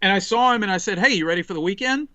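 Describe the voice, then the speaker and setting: A man in his forties tells a story on a casual podcast, his voice pitched high and bright. He rambles animatedly and restarts often. The sound is dry and close, with no room around it. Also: lively intonation, very fast, dry recording, highs cut off. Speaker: podcast guest.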